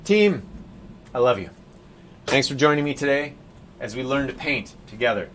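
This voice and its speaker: A man's voice: medium pitch, normal speed, fairly bright tone, slight background noise. A man chatting casually and rambling with jokes as he paints on a live stream, calling his viewers "team".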